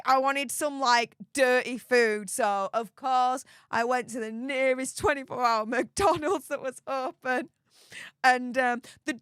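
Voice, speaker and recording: A young English woman hosting a live stream, rambling in a chatty, excitable way with plenty of fillers and mild cursing. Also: high-pitched, clear, resonant tone, no room sound, clean studio sound. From Yorkshire, England. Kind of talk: casual live stream chat.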